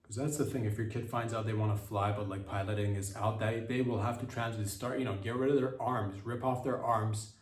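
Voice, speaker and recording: A man hosting a comedic podcast, rambling through a loose monologue with lots of fillers and sudden excited bursts. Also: lowish voice, brisk, hardly any pauses, far from the mic. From Canada. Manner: rambling, animated, jumps into excited voices. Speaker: podcast host. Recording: roomy echo, off-mic.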